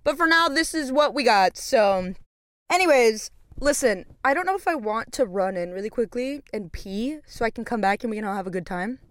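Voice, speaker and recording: A woman's voice: fairly high pitch, normal speed, no room sound. Chatty young woman podcast host, dry sound. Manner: rambling, profane, filler-heavy; expressive storyteller. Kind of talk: casual monologue.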